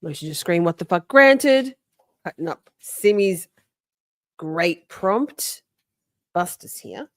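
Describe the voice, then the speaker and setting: A woman's voice: fairly low pitch, lively intonation, slow, pauses often, dry recording, studio quality. A woman hosting a casual livestream from home, greeting viewers by name, chatty and a bit profane. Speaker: livestream host. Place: home, with dogs nearby.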